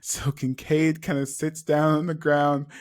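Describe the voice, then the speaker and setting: A player narrating an improvised story in a casual, halting manner. The voice sits at a middle pitch. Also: flat delivery.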